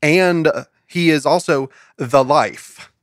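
A man hosting a podcast Bible study, reading scripture slowly and asking his guest questions. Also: on the high side, no echo, clean studio sound. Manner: reads scripture aloud slowly, asks questions, laughs easily. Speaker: podcast host. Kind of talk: casual Bible study discussion.

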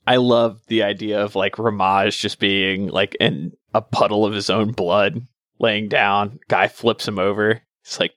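A man's voice: fairly low pitch, flat delivery, unhurried, fairly bright tone, dry recording, clean studio sound. A man co-hosting a book podcast, chatting casually and amused about the story. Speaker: podcast co-host. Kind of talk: casual book club chat.

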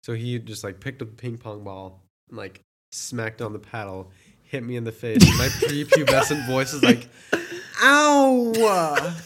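Young male co-host, animated storyteller, swinging pitch, does shrill imitations. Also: moderate pace, few pauses, a crowd in the background. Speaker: podcast co-host. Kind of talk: casual chat.

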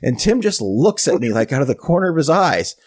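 Animated storytelling man, lively pitch. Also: a little fast, slightly rough. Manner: animated, mimics voices in quoted lines. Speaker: podcast co-host. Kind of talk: casual storytelling rant.

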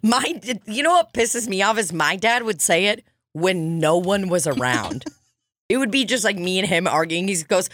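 A woman's voice: medium pitch, expressive, normal speed, fairly bright tone, dry recording, clean studio sound. A woman co-hosting a casual comedy podcast, laughing often, swearing and acting out quotes. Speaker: podcast co-host.

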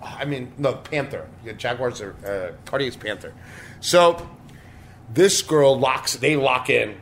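A man's voice: medium pitch, animated, slow. A man with an ordinary mid-range voice tells a long, swaggering story in loose podcast banter. He swears freely and brags, and a faint ambient hiss sits under him. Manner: crude, swearing, boastful storytelling. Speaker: storytelling co-host. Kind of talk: casual podcast chat.

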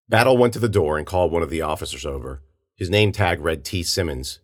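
Low-voiced male story narrator. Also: brisk. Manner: steady storytelling, does character voices. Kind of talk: audiobook narration.

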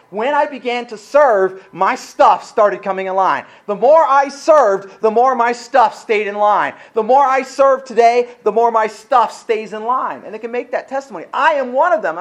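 Animated male pastor preaching a sermon. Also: high-pitched, low-quality recording. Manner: animated storytelling preacher, acts out his own inner dialogue.

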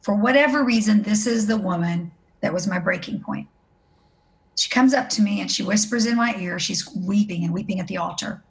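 A woman's voice: medium pitch, brisk. Earnest middle-aged woman telling her story. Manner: earnest storytelling, acts out quoted voices. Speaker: guest. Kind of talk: personal testimony interview.

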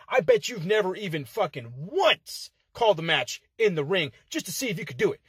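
Raspy, high-voiced man trash-talking a rival in a wrestling promo, heated and profane; dead-dry car recording. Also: no room sound. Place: inside a car.

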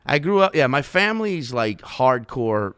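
A man's voice: medium pitch, sing-song, normal speed, fairly bright tone, clear, resonant tone, no echo, studio quality. A man from the New Orleans area in his thirties, a comedian rambling and swearing in casual podcast chat. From New Orleans area, Louisiana. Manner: rambling, profane, laid-back.

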